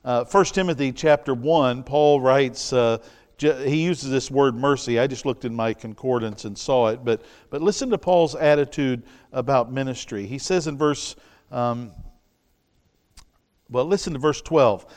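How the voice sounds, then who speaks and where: A man preaching an evening sermon, reading scripture slowly and asking the congregation rhetorical questions. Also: mid-range voice, a little mellow, big-room sound.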